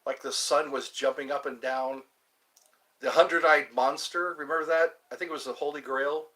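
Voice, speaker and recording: A man's voice: on the high side, fairly even intonation, normal speed, sharp tone. A man hosting a livestream, chatting in a rambling, amused way that keeps drifting into asides, heard through a computer mic. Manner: meandering, amused, trails off into asides. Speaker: livestream host. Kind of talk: rambling casual chat to viewers.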